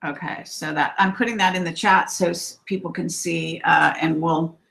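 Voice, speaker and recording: A woman hosting an online live-stream interview, asking questions haltingly with many fillers. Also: lowish voice, fairly even intonation, creaky, a bit bright, low-quality recording. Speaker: host.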